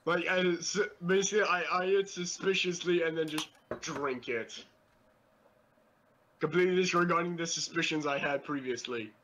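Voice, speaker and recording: A man's voice: fairly high pitch, moderate pace, fairly bright tone, low-quality recording. Playful man player, faint room hum. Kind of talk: casual tabletop play.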